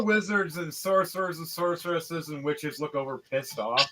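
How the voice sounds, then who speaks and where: A man running a tabletop game as dungeon master, talking in a somewhat high, bright voice. He rambles, curses freely and tells the action with energy. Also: normal speed, hardly any pauses. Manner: animated, profane, rambling.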